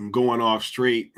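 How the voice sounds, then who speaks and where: Streamer guy, slow slangy talk, bright edge, keeps cracking up. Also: mid-range voice, clear, resonant tone. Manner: laughs often, slangy, reads out chat. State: hungry after a long day. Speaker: livestream host. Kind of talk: casual livestream chat.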